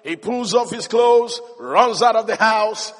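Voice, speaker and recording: A man preaching a sermon, telling the story with animation and building to emphatic shouts. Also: high-pitched, unhurried. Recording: long hall reverb.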